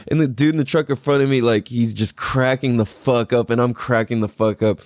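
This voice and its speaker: A man's voice: medium pitch, fairly quick, a little mellow, no echo, clean studio sound. A man hosting a podcast, telling a story in a casual, profane rant and laughing often. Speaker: podcast host.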